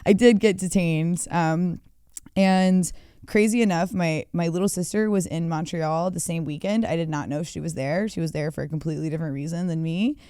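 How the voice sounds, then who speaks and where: A woman in her thirties spins a chaotic story in loose, animated talk, swearing freely and leaning on "like" between bursts of laughter. Her voice is smooth and clean, close to the mic in a dry room. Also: lowish voice, no room sound. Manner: animated, swearing, many "like" fillers, laughing often. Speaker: guest, DJ. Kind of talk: casual storytelling chat.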